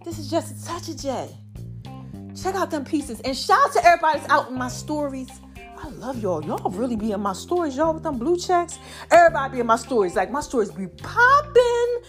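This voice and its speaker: A woman's voice: sits high, brisk, soft background music. A woman hosting a casual inspirational podcast, chatty and preachy, talking to her listeners and a bit out of breath. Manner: chatty, preachy, animated with lots of y'all and child. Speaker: podcast host.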